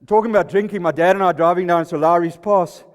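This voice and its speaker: Speaking quickly in a high-pitched, steady tone, this sixty-something South African man delivers a self-mocking comic talk from the stage of a live presentation night. The hall recording is full of reverb.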